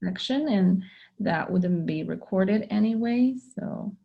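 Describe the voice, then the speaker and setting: A woman's voice: medium pitch, expressive, slow pace, creaky. A woman moderating a video call who speaks hesitantly, with many ums. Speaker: group moderator. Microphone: video call microphone. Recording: dull lo-fi call audio.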